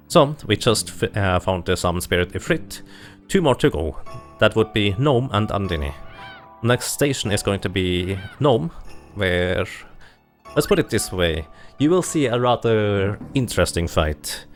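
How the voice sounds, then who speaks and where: A man giving steady, explanatory live commentary on his own speedrun. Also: deep voice, vocal fry. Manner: steady explanatory, light laughs.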